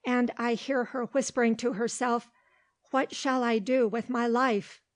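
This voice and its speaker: A woman's voice: a little high, little pitch movement, a little slow, close to an everyday voice. A woman reading the lines of an old, gossipy male dog who talks in a folksy, ungrammatical way.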